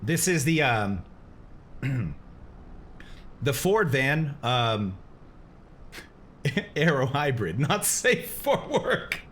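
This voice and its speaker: A man's voice: mid-range voice, a bit bright. A man streaming a flight simulator, chatting casually with viewers, reading chat aloud and laughing often.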